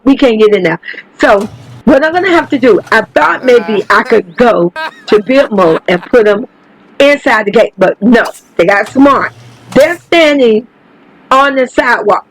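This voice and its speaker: A woman's voice: fairly high pitch, lively intonation, measured pace, dry recording, low-quality recording. A woman hosting her own channel, talking through her life-simulation game in a chatty way. She swears freely and keeps turning to her viewers. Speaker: gaming channel host. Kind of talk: casual gameplay commentary.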